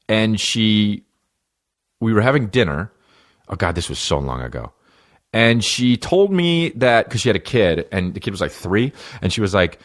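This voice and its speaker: A man with a fairly low voice hosts a comedy podcast. He rambles from one story to the next, swearing freely and cracking jokes as he goes. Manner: profane, rambling, jokey. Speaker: podcast host.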